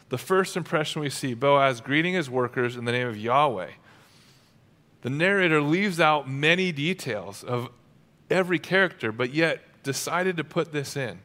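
A male pastor preaching a sermon in a conversational, energetic way. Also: fairly high pitch.

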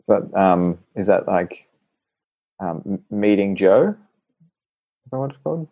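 Male host with a low voice, hesitant and casual as he asks questions. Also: lively intonation, unhurried, no room sound, dull audio. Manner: hesitant, searching for words. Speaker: podcast host.

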